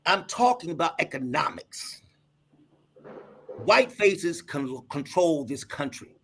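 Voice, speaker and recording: A middle-aged man, a doctor, telling emphatic stories in a lively, husky voice. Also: a little high, slow pace, slight background noise. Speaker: guest doctor. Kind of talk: animated storytelling.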